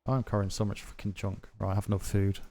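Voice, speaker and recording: Guy streaming at home, lowish voice, rambly chat w lots of ums. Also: steady tone, fairly quick, dark tone. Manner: rambling, chatty, many fillers. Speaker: livestreamer. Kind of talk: casual chat to stream viewers. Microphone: mic through a desk audio mixer.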